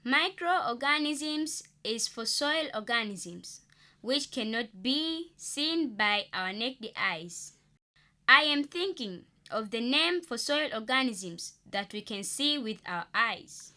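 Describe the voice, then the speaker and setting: A woman's voice: fairly high pitch, animated, takes it slowly, bright, forceful tone. A young woman speaking as a student in a radio lesson, giving careful recited answers.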